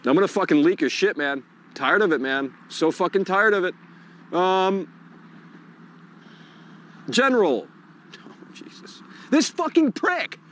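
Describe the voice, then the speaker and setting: A man's voice: a little high, a bit bright. Irritable, cursing man streaming outdoors. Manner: irritable, swearing, frustrated muttering. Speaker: host of a live call-in stream. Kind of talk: live-stream rant while fixing tech.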